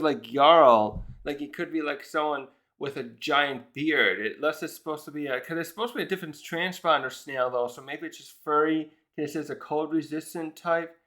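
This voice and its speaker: A man with a slightly high, somewhat bright voice reviews manga, casually recapping a comic chapter. He rambles, full of fillers and restarts, and briefly acts out the characters' lines.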